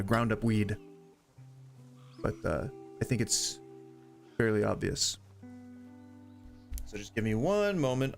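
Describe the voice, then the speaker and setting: A man with a light Southern US twang, chatting casually on a live stream, rambling off on wry tangents into a desk microphone. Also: medium pitch. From Southern United States. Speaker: gaming streamer.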